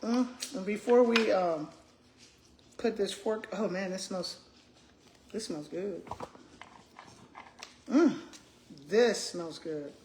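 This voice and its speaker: A retired school principal turned vlogger, this older woman talks slowly in a medium-pitched, slightly mellow voice during a casual live stream while eating. She's chatty, talks with her mouth full and calls viewers "y'all," with an echoey room and slight background noise.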